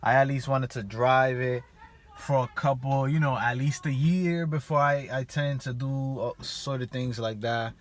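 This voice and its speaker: Speaking unhurriedly in a mid-range voice with fairly even intonation, a young man rambles through a casual vlog about his car. He's outside at home in the yard, leaning on fillers and repeating "and yeah" again and again.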